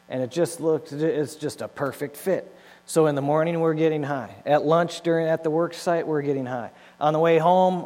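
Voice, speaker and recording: Guy telling his life story, kinda high voice, acts out his old lines, big echoey hall w/ a hum under it. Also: a little mellow. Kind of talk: personal testimony to an audience. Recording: long hall reverb with mains hum.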